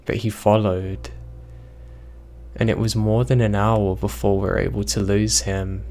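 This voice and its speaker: A young man reading horror stories aloud, in a slow, even storytelling manner. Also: lowish voice, creaky. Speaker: narrator.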